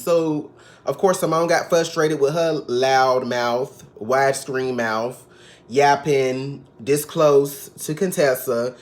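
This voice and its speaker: A man's voice: mid-range voice, slow. A man giving a casual, sassy recap of a reality TV episode, gossiping and now and then mimicking the cast. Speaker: TV recap vlogger.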